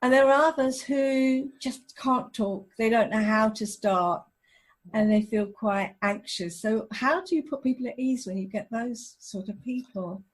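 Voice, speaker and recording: A woman's voice: fairly high pitch, a little slow. A woman, a relationship counsellor, hosting a podcast interview and talking in an empathetic, thinking-aloud way.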